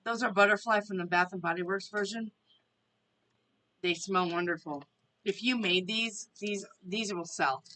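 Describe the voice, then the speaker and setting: A woman's voice: medium pitch, normal speed, sharp tone, low-quality recording. A woman hosting a casual live stream, chatting to viewers and reading their questions aloud. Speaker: tarot reader and live stream host.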